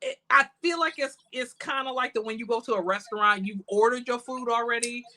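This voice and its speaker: A woman's voice: fairly high pitch, fairly quick, bright, forceful tone. A woman from the United States co-hosting a podcast, chatting casually and expressively and acting out her own reactions with laughs. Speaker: podcast co-host. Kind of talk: casual chat.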